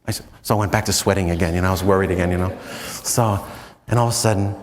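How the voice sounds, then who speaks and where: An American man, a priest, telling stories in a chatty, self-mocking retreat talk full of "you know"s, and often breaking into animated high swoops. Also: very fast, long reverb tail. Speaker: priest giving a spiritual talk.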